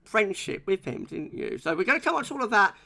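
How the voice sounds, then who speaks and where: Bright, gravelly-voiced man hosting a livestream. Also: sits high, big pitch swings, quick pace. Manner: rambling, chatty, lots of fillers and repeated tag questions. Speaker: livestream host. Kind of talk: casual charity livestream chat.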